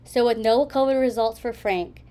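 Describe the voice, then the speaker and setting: A woman's voice: a little high, moderate pace, noisy background. A young woman narrating a friend's travel story in a wry, teasing way. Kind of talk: scripted narration.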